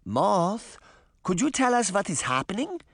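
Man voicing a gentle old granny, genteel, a bit higher, storybook. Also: very animated, unhurried, no echo, studio quality, heavily acted. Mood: concerned. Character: kindly fussing old grandmother.

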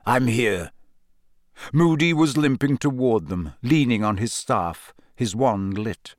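Expressive male audiobook narrator. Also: medium pitch, measured pace, no echo, studio quality. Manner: expressive, varied.

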